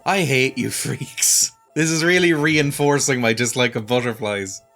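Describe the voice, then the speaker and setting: A man's voice: mid-range voice, unhurried, a bit bright, faint music behind. A man commentating his playthrough of a game with dry, sardonic remarks and frequent chuckles. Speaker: let's play host.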